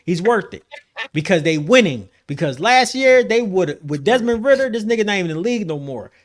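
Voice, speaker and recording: A man's voice: high voice, big pitch swings, a little fast. A man co-hosting a sports podcast in casual chat, blunt and emphatic with heavy swearing.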